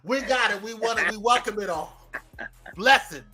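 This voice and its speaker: A man hosting a live morning show, greeting viewers by name in a lively, playful way. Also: sits high, moderate pace, music in the background.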